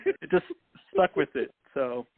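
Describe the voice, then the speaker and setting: A soft-spoken man calling in to a sports talk show, talking a bit hesitantly. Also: medium pitch, huge pitch swings, unhurried, no room sound. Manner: soft-spoken, hesitant, calls himself not loud. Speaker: caller. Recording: tinny phone line, dry.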